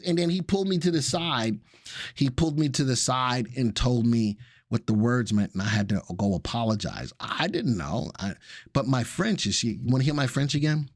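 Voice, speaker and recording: A man's voice: medium pitch, animated, normal speed, no echo, studio quality. A middle-aged man hosting a live stock analysis show, talking casually with viewers and joking around. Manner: casual, jokey, chatty with viewers. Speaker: stock market show host.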